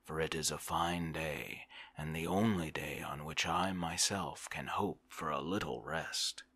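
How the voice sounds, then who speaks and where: A man's voice: rumbling low, fairly even intonation, measured pace, fairly bright tone, slightly rough, no echo, heavily acted. A man voicing an overworked male civil servant in a whispered role-play, complaining and self-important. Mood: harried.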